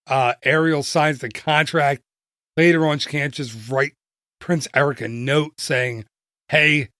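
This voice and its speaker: A man hosting a podcast, chatting in an enthusiastic, casual way with quick asides. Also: a little high, a bit bright, dry recording, studio quality. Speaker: podcast host. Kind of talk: casual solo podcast chat.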